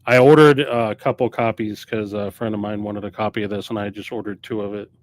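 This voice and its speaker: In a fairly low, steady voice that moves a little fast, a record store owner rambles through a casual live stream about fresh arrivals. He speaks without preparation and often corrects himself mid-sentence.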